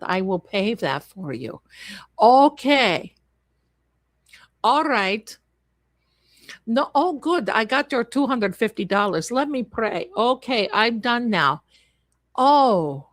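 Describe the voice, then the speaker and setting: A woman's voice: on the high side, dry recording. A woman playing a greedy fortune-teller scammer. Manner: wheedling sales patter, broken grammar. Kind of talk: comic improvised role-play.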